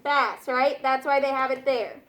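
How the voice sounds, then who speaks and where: A woman's voice: high-pitched, fairly even intonation, measured pace, a bit bright. A woman teacher giving patient classroom instructions, often checking in with her students.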